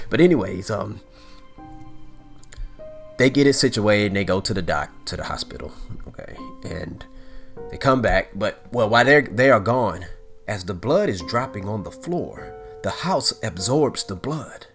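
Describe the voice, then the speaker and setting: A man casually recapping a horror movie, animated and excitable, full of fillers and asides. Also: fairly low pitch, unhurried, soft background music. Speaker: movie reviewer.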